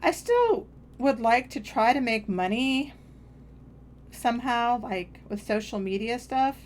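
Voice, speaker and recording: A woman's voice: fairly high pitch, lively intonation, unhurried, a little hiss or hum. A woman streaming a game, chatting casually in a meandering, self-deprecating way. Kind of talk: casual rambling chat while gaming.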